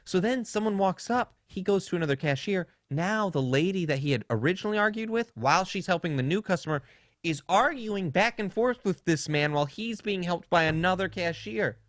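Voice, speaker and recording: A man's voice: sits high, lively intonation, brisk, fairly bright tone, no room sound, studio quality. A young man co-hosting a podcast, rambling through funny stories in casual chat and laughing often. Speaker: podcast co-host.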